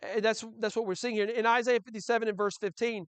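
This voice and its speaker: A man's voice: high voice, fairly even intonation, quick pace, clear, resonant tone, no echo. Male pastor preaching in a dry room. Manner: conversational preaching with many restarts and rhetorical questions. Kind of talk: sermon.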